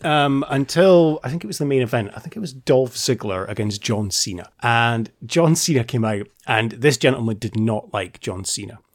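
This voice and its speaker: Male podcast co-host, animated pitch, lively storytelling chat. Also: moderate pace, hardly any pauses. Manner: lively anecdote-telling, laughs often.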